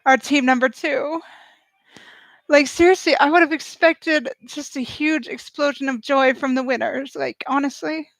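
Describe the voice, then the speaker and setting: Woman, reaction vlogger, high voice, dry close sound, excitable and gushing. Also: measured pace, gravelly, no room sound, poor audio. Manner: excitable, gushing, talks straight to viewers. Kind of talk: live reaction commentary.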